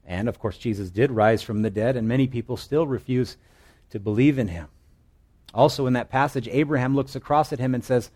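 A man preaches a sermon as a pastor, with an earnest, emphatic delivery. His voice sits at an ordinary middle pitch for a man. He leans hard on key words, then drops to a hushed, low tone. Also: a little fast. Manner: earnest, emphatic, shifts between loud stress and hushed low lines.

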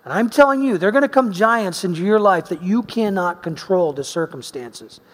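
High-voiced preacher in a reverberant hall. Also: male voice, normal speed. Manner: animated storyteller, swinging between loud emphasis and quiet asides. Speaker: pastor. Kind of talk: sermon with personal storytelling. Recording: long reverb of a large hall.

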